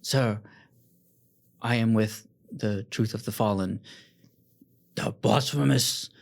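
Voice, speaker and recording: A man's voice: on the low side, slow, vocal fry, exaggerated voice. A man voicing a woman agent who pleads formally and earnestly with a lord. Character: earnest female spy pleading her case.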